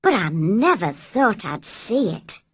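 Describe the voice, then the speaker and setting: A woman doing a gentle country boy. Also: medium pitch, big pitch swings, slow pace, husky, dry recording, full character voice.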